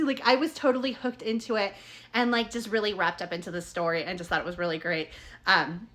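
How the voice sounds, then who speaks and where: A woman's voice: medium pitch, steady tone, fairly quick, bright, forceful tone. A woman chatting casually as a book reviewer, rambling with many fillers and self-corrections. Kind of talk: casual chat.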